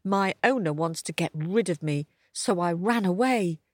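A woman's voice: on the low side, a little slow, no echo, clean studio sound. A woman voicing an old male dog who feels unloved, in a children's story. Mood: mournful.

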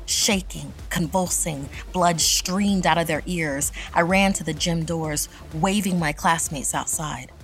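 A woman narrating a scripted horror story in a measured, dramatic way. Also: on the low side, soft background music.

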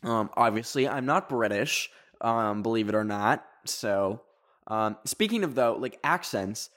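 A man's voice: mid-range voice, animated, fairly bright tone. A young man from Canada with a Canadian accent, hosting a casual solo podcast in a chatty, rambling way full of fillers. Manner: chatty, rambling, many fillers, quick laughs. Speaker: podcast host.

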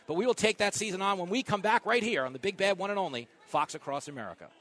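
A man hosting a talk radio show live from an event, riffing through a comedic monologue with big swings in loudness. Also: high voice. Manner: fast joking riffs, big swings in loudness.

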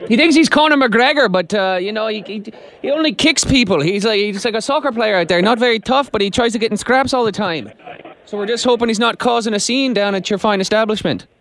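A man's voice: high voice, fairly quick, vocal fry, fairly bright tone, voice pushed up. A man putting on a brash fake Irish caller. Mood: bold. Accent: put-on Irish. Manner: brash, rambling, hamming it up. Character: man with a put-on Irish accent, hunting for his brawling brother. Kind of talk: prank phone call.

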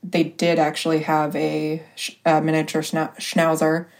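A woman with a notably low voice talks through a personal story as a podcast guest. Her telling is casual and halting, with frequent pauses and small fillers as she searches for words. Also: completely flat delivery. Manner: hesitant, full of pauses and fillers.

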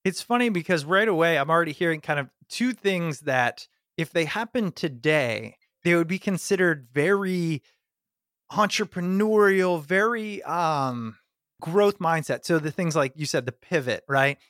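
Man, slightly high voice, dry sound, curious interviewer, thoughtful pauses. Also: fairly bright tone, no echo. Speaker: interview host. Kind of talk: interview questions.

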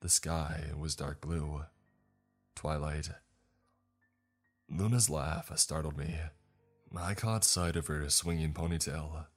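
A man narrating a horror story in a measured, somber first-person voice. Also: extremely low pitch, fairly even intonation, soft background music.

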